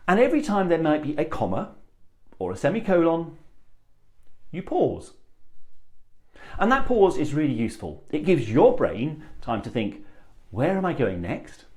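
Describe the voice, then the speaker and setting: A man working as a speech coach, explaining a technique to camera in a deliberate, assured way, breaking his sentences into phrases with long pauses. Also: mid-range voice, a little mellow. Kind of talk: presenting tips to camera.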